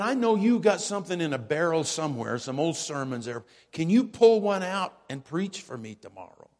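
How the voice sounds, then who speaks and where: An older man preaching as pastor, telling jokey stories in a folksy, unhurried way. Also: medium pitch, a little mellow. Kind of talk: sermon with casual storytelling. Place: church sanctuary. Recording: church hall with long reverb.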